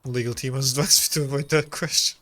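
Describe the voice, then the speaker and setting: A man's voice: mid-range voice, fairly even intonation, fast, a bit bright. A man chatting casually on a game stream, laid-back and a little hesitant, reading out chat messages.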